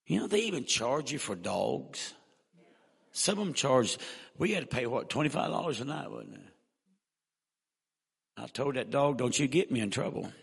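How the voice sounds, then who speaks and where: Raspy folksy evangelist preaching. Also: male voice, mid-range voice, moderate pace, long pauses. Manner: folksy, animated storyteller. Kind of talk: preaching a humorous story. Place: church. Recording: echoey church hall.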